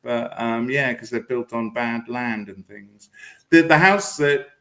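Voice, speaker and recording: A man's voice: medium pitch, unhurried, gravelly, bright, forceful tone, low-quality recording. A man chatting on a video call, telling stories about himself and laughing as he goes. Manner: storytelling, self-mocking, laughing. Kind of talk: casual chat on a video call.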